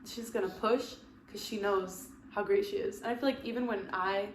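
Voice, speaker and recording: A woman's voice: mid-range voice, steady tone, normal speed. A woman guest in a casual podcast chat who speaks candidly and with a lot of feeling. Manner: candid, heartfelt, emotional. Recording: roomy echo with faint background noise.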